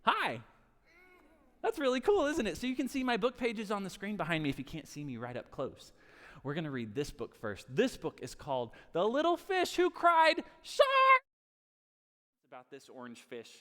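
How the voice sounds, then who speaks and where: A man in a library reading a picture book aloud to children, playful and animated, asking them questions. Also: sits high, moderate pace. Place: library story room. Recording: long reverb in a large room.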